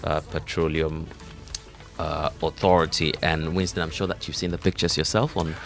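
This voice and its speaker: Deep-voiced Ghanaian man reading headlines. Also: level tone, creaky, soft background music. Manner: brisk headline reading with fillers. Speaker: radio co-host. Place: radio studio.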